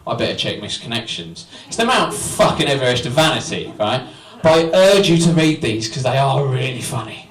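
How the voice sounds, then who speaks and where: A man's voice: mid-range voice, expressive, fairly quick, few pauses, a bit bright. A young man doing a stand-up comedy set, cheeky and self-mocking, chatting with the crowd. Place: small comedy venue with live audience. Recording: roomy, distant, crowd laughter. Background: audience laughing and cheering.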